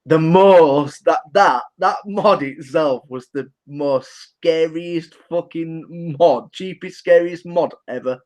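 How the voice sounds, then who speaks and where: A man's voice: fairly high pitch, slow pace, few pauses, a little mellow. Rambling, swearing man. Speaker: podcast co-host. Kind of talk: casual chat.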